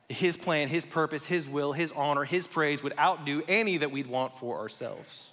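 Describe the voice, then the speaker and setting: A man's voice: fairly high pitch, moderate pace, few pauses. A man in his thirties preaching a sermon, explaining scripture and telling stories with acted-out quotes. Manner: animated storyteller, acts out quotes. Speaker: pastor. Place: church sanctuary. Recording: long hall reverb.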